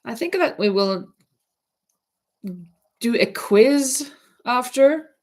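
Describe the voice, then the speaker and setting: A woman's voice: fairly high pitch, lively intonation, extremely slow, a little mellow. A woman hosting a casual livestream, chatting to viewers while she knits, talking in a rambling, hesitant way and often restarting her words. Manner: chatty, addresses viewers directly. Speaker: livestream host.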